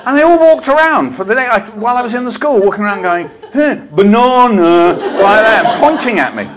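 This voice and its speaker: An English children's poet gives a storytelling masterclass to a conference of teachers in a hall, telling lively stories with playful put-on voices and leading a call-and-response poem. His voice is very high-pitched and sing-song, and he talks fast. Crowd noise can be heard.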